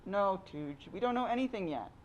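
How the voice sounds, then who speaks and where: A reader voicing a worried mother who gently reassures her child over the phone, read aloud from a memoir. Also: mid-range voice, expressive, normal speed, dull audio, slight background noise, voice pushed up, lightly acted. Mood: reassuring.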